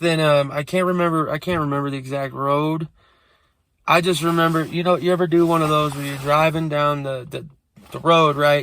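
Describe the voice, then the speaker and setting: Gravelly, profane man telling a story. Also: fairly high pitch, a bit bright, slight background noise. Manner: profane, streetwise, rambling. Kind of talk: casual storytelling.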